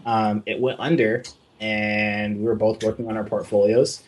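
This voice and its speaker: A man from Southern California, a game artist guest, telling a story in a relaxed, casual way and swearing freely. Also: on the low side, normal speed, noisy background. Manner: relaxed, swears freely, acts out voices in anecdotes.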